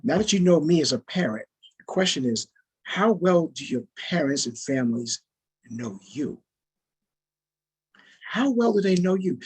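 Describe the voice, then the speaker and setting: Male facilitator, fairly high and very husky voice, chatty and repetitive, talking over a video call. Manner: conversational, repeats phrases for emphasis. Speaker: workshop facilitator. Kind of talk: interactive training talk.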